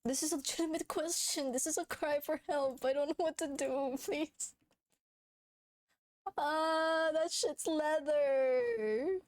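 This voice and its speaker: A woman's voice: high voice, fairly even intonation, moderate pace, hardly any pauses, darkish tone. Frantic giggly young woman streamer. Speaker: VTuber streamer. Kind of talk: casual livestream chat.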